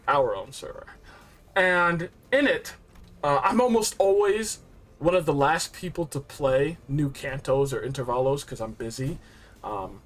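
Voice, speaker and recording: A man recapping a story game in a rambling, excitable, slangy way, full of fillers and asides. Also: a little high. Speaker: game reviewer.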